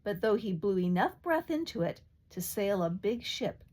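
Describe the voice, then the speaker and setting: An older woman reading a fairy tale aloud in a lively, expressive way. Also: mid-range voice, moderate pace. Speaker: storyteller.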